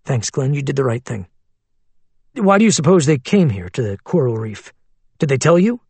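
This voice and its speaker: An anxious man on the run speaks low and hushed, voiced by a male narrator. His voice is husky and tense. The recording is dry and close. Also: sing-song, normal speed, no echo, heavily acted.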